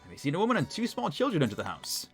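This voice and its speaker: A man's voice: on the high side, huge pitch swings, racing. A man with a Northern English accent reading the lines of a man searching for his missing wife and children, asking plain questions, with faint music behind. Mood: questioning.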